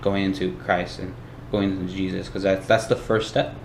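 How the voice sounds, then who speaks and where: A man hosting a casual Christian discussion, talking in a relaxed, rambling way with plenty of "like" and "bro". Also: low voice, normal speed, vocal fry. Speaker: podcast host. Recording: echoey room with faint hiss.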